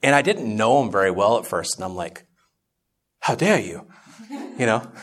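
A man's voice: lowish voice, expressive, a little fast, a bit bright. A man preaching in a church Bible class, telling a story conversationally and growing more impassioned as he teaches, often restarting his words. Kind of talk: sermon-style Bible teaching.

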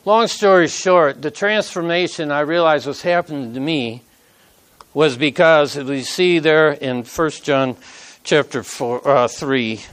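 A man's voice: a little high, measured pace, a bit bright, clear, resonant tone. A middle-aged man preaching a sermon, telling a personal story with emotion and reading scripture aloud in an earnest way.

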